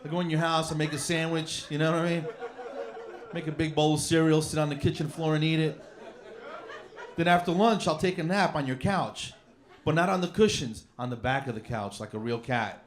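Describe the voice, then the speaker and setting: A man works through a stand-up set, rambling and mocking himself in a fairly high voice. He speaks into a handheld mic on a comedy club stage. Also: fairly quick, a crowd in the background. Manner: rambling, self-mocking deadpan. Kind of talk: stand-up routine.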